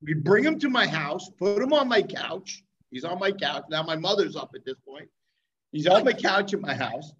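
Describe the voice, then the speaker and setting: A man with a high, lively voice that swoops up and down tells a story in casual chat, checking in with rhetorical questions. The recording is dull and lo-fi. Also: normal speed.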